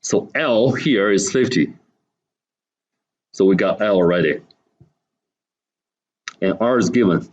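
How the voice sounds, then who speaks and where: Low-voiced man lecturing to a class. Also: slow, long pauses, lo-fi sound. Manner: explaining step by step, asking the class questions. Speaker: university lecturer.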